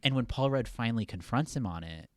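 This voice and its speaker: A man's voice: mid-range voice, fast, no echo, studio quality. A young man casually talking through a film as a podcast co-host, rambling with many fillers. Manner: relaxed, rambling, lots of fillers. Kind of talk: casual movie discussion.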